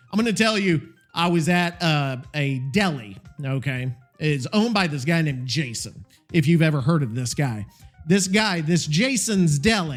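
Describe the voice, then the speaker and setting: A man hosting a solo podcast, rambling and swearing a lot, sounding tired. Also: on the high side. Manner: profane, rambling, animated. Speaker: podcast host. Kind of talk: casual solo podcast rant.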